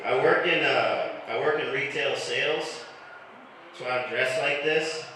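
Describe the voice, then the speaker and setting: A man doing a live stand-up set in a comedy club, crude and deadpan, chatting with the crowd. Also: medium pitch, a little slow. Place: comedy club stage, heard from afar. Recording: echoey room recorded from a distance. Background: audience noise.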